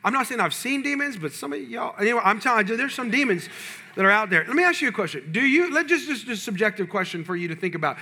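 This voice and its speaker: A male pastor preaching a sermon, telling a personal story with animated, humorous delivery to his congregation. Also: sits high, fast.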